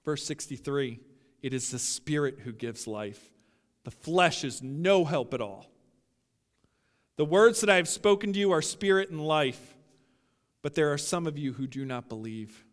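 Male pastor, sermon delivery, emphatic and direct, slightly high voice, recorded with long reverb. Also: unhurried. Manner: emphatic, building to loud peaks, addresses listeners as guys.

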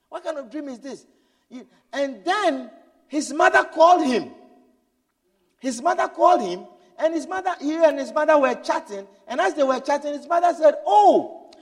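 A male preacher with a very high voice delivers an impassioned sermon. He moves from loud, urgent pleading down to low, hushed storytelling. His voice rings with a long reverb, as in a large hall.

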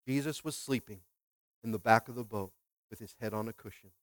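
A male pastor preaching a lively sermon, asking the congregation questions and swinging between quiet asides and loud, emphatic bursts, often repeating words as he restarts. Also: on the low side, a little fast, no room sound.

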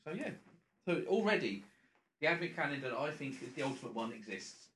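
A man's voice: fairly high pitch, big pitch swings, brisk, fairly bright tone, a little hiss or hum. A man co-hosting a podcast, chatting casually with cheeky banter. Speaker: podcast co-host. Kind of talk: casual comedic chat.

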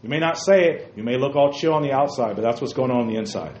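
Speaking quickly in a mid-range, slightly mellow voice, a man delivers an emphatic sermon to young men gathered in a church room. He keeps repeating key phrases and addresses listeners by name, captured on a roomy, dull, lo-fi recording with a little faint noise.

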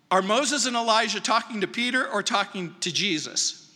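A man pastor preaching a sermon, animated and acting out quoted lines with sudden high exclamations. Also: brisk, big-room sound. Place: church sanctuary.

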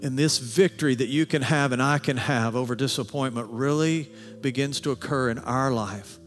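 A man preaching a sermon with animated delivery, sometimes acting out quoted voices. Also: mid-range voice, normal speed. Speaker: pastor. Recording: long hall reverb with faint music.

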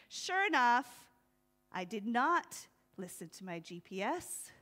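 Bright, high-voiced woman preaching. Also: slow. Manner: lively, laughing, acts out voices. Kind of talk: sermon.

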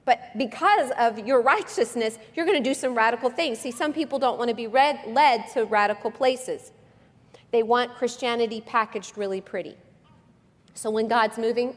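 A woman preaching a sermon with passion, swinging from hushed, quiet passages to loud, lively ones. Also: a little high, moderate pace. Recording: long reverb of a large hall.

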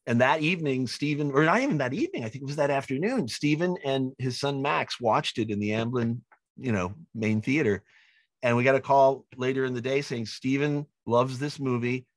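A man, a film director being interviewed, telling lively anecdotes and acting out the people he quotes. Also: medium pitch, dry recording. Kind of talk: animated storytelling in an interview.

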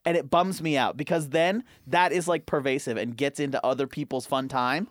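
A man's voice: mid-range voice, steady tone, moderate pace, no room sound, studio quality. A man co-hosting a podcast in casual chat, ranting in exasperation and swearing freely. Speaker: podcast co-host.

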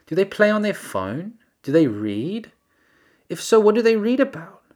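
A man's voice: high-pitched, very animated, normal speed, darkish tone. A man hosting a solo podcast, rambling through incredulous rants with self-deprecating asides. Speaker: podcast host.

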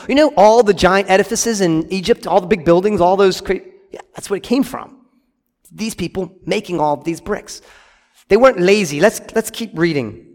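A man preaching a sermon as pastor, emphatic and conversational, with asides to his congregation. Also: sits high. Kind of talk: sermon with scripture reading. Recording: reverberant hall.

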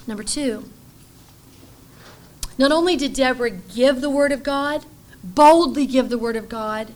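A middle-aged woman preaching a sermon to women, earnest, moving between bold declarations and soft, hushed passages. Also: a little high. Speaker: pastor's wife speaking to women.

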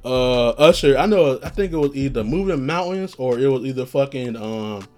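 A man's voice: mid-range voice, lively intonation, moderate pace, darkish tone, faint music behind. Male podcast host, mid-range voice, loose and profane storyteller who rambles and laughs at his own bits. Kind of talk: casual storytelling.

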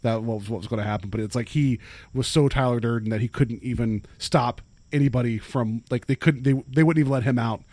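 A man's voice: mid-range voice, fairly quick, darkish tone, dry recording. A man co-hosting a podcast, chatting casually about movies in a rambling way full of fillers. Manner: rambling, many fillers and restarts. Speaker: podcast co-host.

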